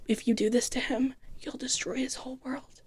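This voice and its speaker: A woman voicing a scheming wealthy mother who issues quiet, half-whispered warnings. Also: a little high, animated, normal speed.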